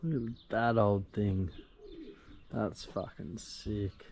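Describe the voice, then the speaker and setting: Slow-talking man vlogging outdoors. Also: fairly low pitch, a little mellow. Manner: laid-back, muttering asides with frequent swearing. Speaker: travel vlogger. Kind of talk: casual walking vlog. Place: outdoors in a rural village and countryside. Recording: outdoor noise from walking on location.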